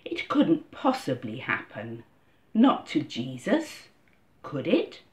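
A woman reading a scripted first-person reflection at a church service, in a measured storytelling manner. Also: extremely low pitch, wildly swooping pitch, a little mellow. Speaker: church reader. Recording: dull lo-fi recording.

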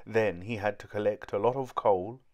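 A man reading a children's storybook aloud, narrating slowly and clearly. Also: fairly low pitch, a little mellow.

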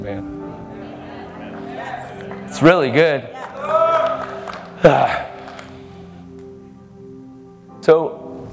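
A man's voice: medium pitch, big-room sound. A man preaching a fervent, emphatic sermon, laughing now and then between points.

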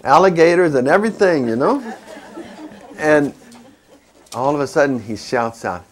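A man's voice: fairly high pitch, animated, normal speed. A man preaching as a priest, telling folksy stories and often checking in with his listeners. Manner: folksy, asks the audience frequent questions. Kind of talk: sermon with storytelling and jokes.

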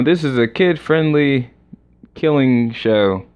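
A young man casually commenting on a game during a livestream, excitable and rambling as he reacts aloud. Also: medium pitch, takes it slowly, smooth. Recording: slightly dull lo-fi recording.

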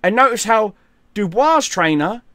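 A man giving mocking, profane commentary on a fight, scornful and animated. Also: high-pitched, a little slow, no echo, clean studio sound. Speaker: gaming and boxing commentator.

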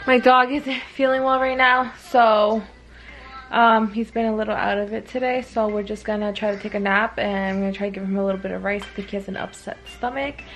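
A woman's voice: mid-range voice, fairly even intonation, brisk, a bit bright, poor audio. A woman vlogging casually as a mother, chatty and often saying "like". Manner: chatty, leans heavily on "like". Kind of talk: casual vlog chat. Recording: background music over voice.

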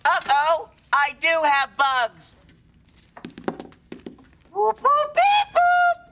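A woman's voice: high voice, animated, slow, bright, forceful tone, slight background noise, full character voice. An actress playing a girl who pretends to be a robot in a sitcom. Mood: robotic. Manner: mock-robotic. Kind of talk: sitcom acting.

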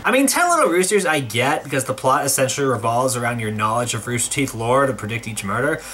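A man's voice: medium pitch, animated, quick pace, fairly bright tone, slight background noise. A young man narrating a scripted comedic video review, sarcastic, with exaggerated outbursts.

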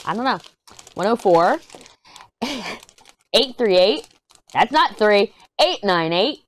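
A woman chatting casually and excitedly through a diamond painting unboxing. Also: mid-range voice, slow pace. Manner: chatty, excited, hums while working. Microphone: desk mic.

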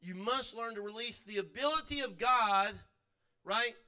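High, bright-voiced fervent preacher man. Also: moderate pace, clear, resonant tone. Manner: fervent preaching with call-and-response, at times shouting. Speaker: pastor. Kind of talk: sermon. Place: church sanctuary.

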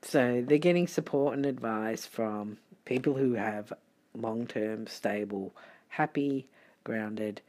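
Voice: medium pitch, takes it slowly, darkish tone. A middle-aged tarot reader with an Australian accent, chatting casually and rambling with muttered asides, sleepy late at night.

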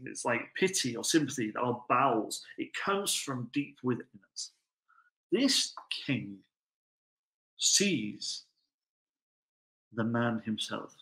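A man's voice: mid-range voice, creaky, a bit bright. A man preaching a sermon, telling a story with rhetorical questions. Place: church. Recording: echoey church hall.

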